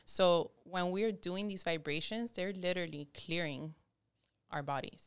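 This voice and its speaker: A woman who owns a yoga studio, a guest on a podcast, talking frankly and in a relaxed way, with some swearing. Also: on the low side, unhurried, smooth, no room sound. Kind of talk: casual interview chat.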